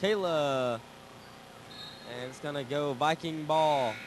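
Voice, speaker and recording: A young man calling a high school girls basketball game, jokey and growing excited on big plays. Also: slow pace, background noise. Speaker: play-by-play commentator. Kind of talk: sports commentary.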